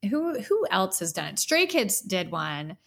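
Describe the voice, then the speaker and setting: A woman co-hosting a podcast, chatting casually and excitedly about her favorite pop stars. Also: mid-range voice, gravelly. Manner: excited, gushing, quick asides. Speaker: podcast co-host. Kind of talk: casual fan chat. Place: home in New York.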